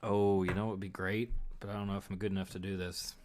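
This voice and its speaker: A man's voice: sits low, fast, few pauses, darkish tone, soft background music. A man casually chatting on a livestream while he draws, reading out chat comments and rambling about movies. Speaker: streamer.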